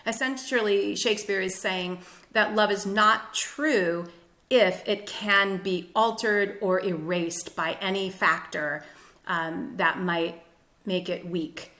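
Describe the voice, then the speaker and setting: A woman literature teacher explaining a sonnet in a clear, methodical lecture. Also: mid-range voice, fairly even intonation, slow, sharp tone, roomy sound. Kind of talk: lecture-style poetry analysis.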